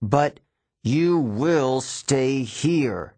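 A man's voice: medium pitch, expressive, extremely slow, a little mellow, full character voice. A man voicing a stern, menacing female teacher who gives clipped, icy commands in an audiobook. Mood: cold, commanding. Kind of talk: audiobook character voice.

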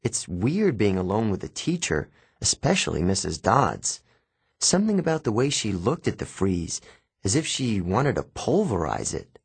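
Husky-voiced man reading a novel aloud. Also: lowish voice, moderate pace, no echo. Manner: expressive, wry storytelling. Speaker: audiobook narrator. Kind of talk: first-person novel narration.

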